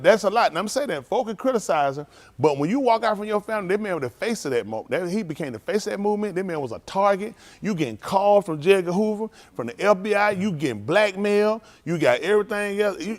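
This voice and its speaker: Animated high-voiced man preaching. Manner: animated, laughing, preachy street talk. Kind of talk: loose spoken commentary at a livestream.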